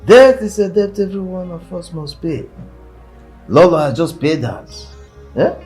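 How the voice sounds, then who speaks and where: A solemn palace elder. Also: male voice, sits high, very animated, measured pace, darkish tone, soft background music. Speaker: elder consoling the princess. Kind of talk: Nollywood film acting.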